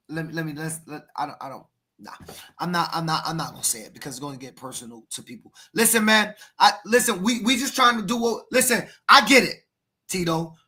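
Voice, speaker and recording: Bright-voiced fired-up American football coach. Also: male voice, high-pitched. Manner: emphatic, preachy, repeats words and addresses co-host by name. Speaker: youth football coach and podcast host. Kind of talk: passionate podcast talk.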